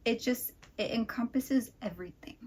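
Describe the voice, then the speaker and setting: A woman's voice: fairly high pitch, normal speed, a little mellow, slightly rough. Gushing young woman chatting about a book. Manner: gushing, retells scenes with quoted dialogue. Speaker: book podcast co-host. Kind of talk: casual book chat.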